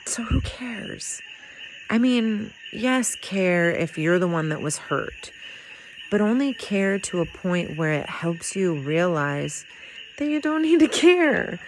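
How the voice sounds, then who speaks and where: A woman's voice: medium pitch, very animated, slow pace, a little hiss or hum, rough recording. A woman vlogging to the camera in an earnest, rambling way, laughing often as she talks through her feelings. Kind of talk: heartfelt personal talk to camera. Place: in Puerto Rico.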